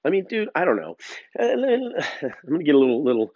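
A male podcast host with a slightly high, sing-song voice rants casually at a quick clip, swearing a lot, stammering into restarts and leaning on filler words. The recording is dry with no echo but sounds dull and lo-fi.

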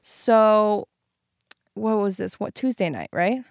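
A woman's voice: medium pitch, expressive, takes it slowly, creaky, no echo. Woman co-host, casual rambling chatter, dry close mic. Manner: rambling, lots of "like" and "um". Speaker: podcast co-host. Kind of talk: casual chat.

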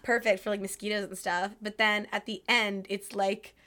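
A young woman co-hosting a podcast, talking casually with plenty of fillers. She is chatty and quick to giggle. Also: medium pitch, little pitch movement, pushed and bright, a little hiss or hum. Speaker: podcast co-host. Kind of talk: casual chat.

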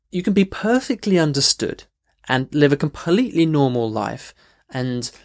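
A man hosting a language-learning podcast, answering a listener's question earnestly with frequent restarts and emphatic rises. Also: medium pitch. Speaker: podcast host and language coach.

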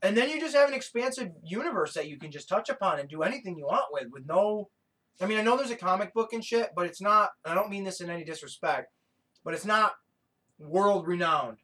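A man chats on a podcast, swearing freely and rambling with excitement. His voice sits a little higher than most men's. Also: fast talker, husky, poor audio. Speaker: podcast co-host. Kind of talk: casual chat.

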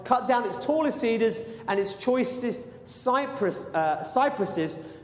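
Boastful mocking ancient king, a man doing the voice, high, echoey hall sound. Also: animated, slow, exaggerated voice. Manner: bragging, taunting, coaxing. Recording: reverberant hall.

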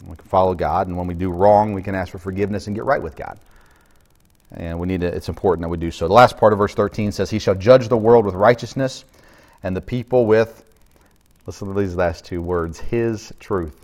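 Low-voiced man preaching a sermon. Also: brisk, darkish tone. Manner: conversational preaching with many fillers and restarts. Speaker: pastor.

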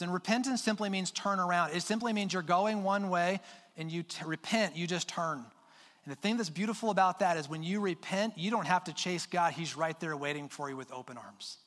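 A man preaching a sermon as pastor, earnest and urging, stressing his points with pauses and repeated words. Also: a little high, fairly bright tone, long reverb tail. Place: church sanctuary with long reverb.

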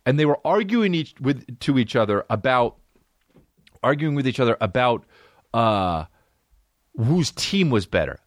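A young man hosting a solo comedy podcast, rambling through stories with heavy swearing. His pitch swings widely as he talks, and the sound is close and dry. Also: big pitch swings, unhurried, long pauses, dry recording. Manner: profane, rambling storytelling. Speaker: podcast host.

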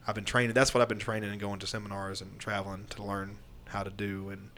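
A fairly low-pitched man chats loosely on a podcast about taking bumps in the ring. He rambles and restarts his sentences. A faint hiss of noise sits under his voice. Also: flat delivery, fast talker, sharp tone. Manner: rambling, candid storytelling with fillers and restarts. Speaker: pro wrestler guest. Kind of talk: casual podcast chat.

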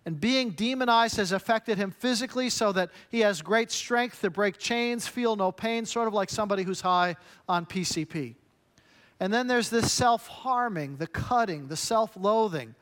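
A man's voice: high-pitched, moderate pace, a bit bright. A man preaching a sermon, emphatic and punchy, building his points through short repeated phrases. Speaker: pastor.

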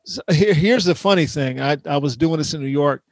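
A man's voice: a little high, fairly quick, no echo. A man chatting and joking on a podcast, laughing often. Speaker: comedian guest. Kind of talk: casual podcast banter.

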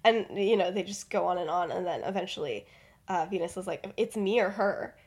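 A woman's voice: lowish voice, brisk, darkish tone, husky. A young woman hosting a podcast, retelling a story in a rambling, casual way full of fillers. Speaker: podcast host.

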